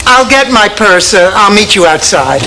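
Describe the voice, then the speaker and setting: A middle-aged actress playing a dry, exasperated daughter in a studio sitcom. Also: female voice, medium pitch, lively intonation, moderate pace, music in the background, natural voice, poor audio. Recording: hissy old TV sitcom recording.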